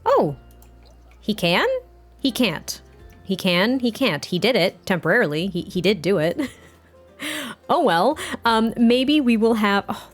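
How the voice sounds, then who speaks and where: A chatty woman narrates a life-sim game in a casual, rambling way, laughing between remarks. Her voice sits at an ordinary middle pitch, with faint music playing underneath. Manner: chatty, giggly, rambling with fillers. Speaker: let's play host.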